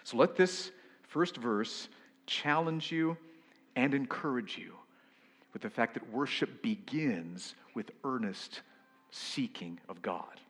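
A man preaching a sermon as pastor, earnest, rising to loud emphasis and dropping to hushed whispers. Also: mid-range voice, lively intonation, slow pace, breathy edge. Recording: long hall reverb.

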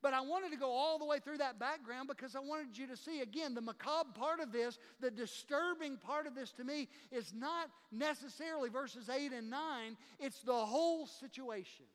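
Preaching a sermon with impassioned emphasis, a pastor speaks in a voice that sits very high for a man, acting out the people he quotes. His words ring through a long, reverberant church hall at a moderate pace, with hardly any pauses and a fairly bright tone.

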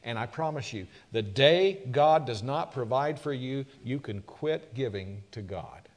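A man's voice: animated, measured pace. Emphatic male pastor preaching. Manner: emphatic preaching with rhetorical questions, swells louder then drops low. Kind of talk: sermon.

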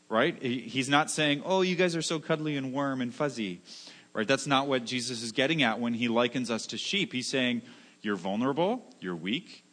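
A man's voice: medium pitch, a bit bright. Earnest male pastor preaching. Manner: earnest, repetitive, many restarts and rhetorical "right?". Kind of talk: sermon.

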